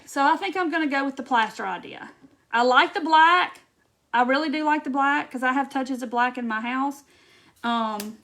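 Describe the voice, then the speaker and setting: High-voiced chatty woman. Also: pushed and bright, a little hiss or hum. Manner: chatty, greets viewers by name while reading comments and working. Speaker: craft tutorial host. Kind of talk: live craft tutorial chat.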